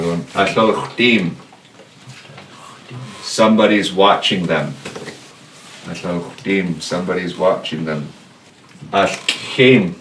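A man teaching a language class, patiently explaining and slowly repeating words for his students. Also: low voice. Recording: echoey room, distant mic, faint noise.

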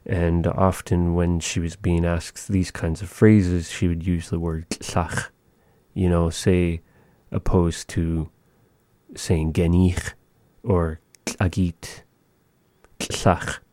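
A man giving a language lesson, thinking aloud in a slow, measured way with frequent pauses. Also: sits low, little pitch movement, warm tone, slight background noise. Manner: slow, measured, pausing often. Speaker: language teacher.

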